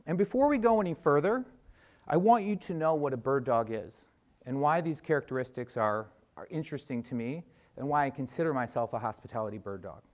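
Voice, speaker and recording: A man's voice: medium pitch, a little fast. A middle-aged man giving a chatty, self-deprecating conference talk on a theater stage, with fillers and restarts. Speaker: conference speaker.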